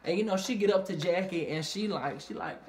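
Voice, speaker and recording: Against a noisy background, a speaker talks a little fast while reviewing a reality show episode. The casual vlog is thick with swearing and "you know what I mean," punctuated by high, squealing imitations of the cast.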